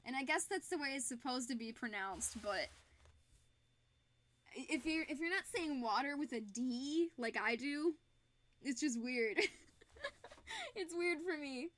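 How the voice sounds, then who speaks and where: A woman's voice: high voice, expressive, a little slow, long pauses, fairly bright tone. A young woman with a Michigan accent chatting casually on a live stream while she crafts, giggling often between sentences. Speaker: fursuit maker and streamer.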